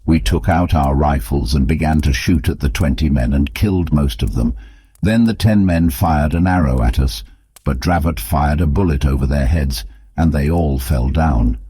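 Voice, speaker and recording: Very deep, raspy male storyteller. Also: normal speed, mellow. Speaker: audiobook narrator. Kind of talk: scripted narration.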